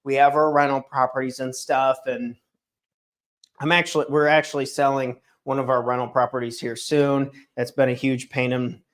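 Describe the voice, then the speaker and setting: A man's voice: medium pitch, little pitch movement, normal speed. A man hosting a daily morning livestream, talking casually and earnestly, often restarting and correcting himself. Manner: rambling, self-correcting, earnest. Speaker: host of a daily morning show. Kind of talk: casual solo livestream talk. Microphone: streaming setup microphone.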